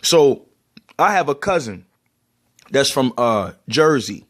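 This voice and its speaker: A man's voice: medium pitch, sing-song, slow pace, fairly bright tone. A man from Baltimore with a Baltimore accent, casually explaining and demonstrating how words are pronounced, with loose restarts. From Baltimore, USA. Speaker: vlogger.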